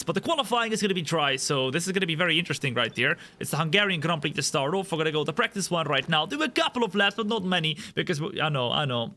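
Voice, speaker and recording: A man with a bright, forceful, fairly high voice gives energetic gameplay commentary. He talks in an animated way and doubles up words for emphasis. He records in his home studio beside a racing simulator. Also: fast, few pauses. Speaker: gaming channel host.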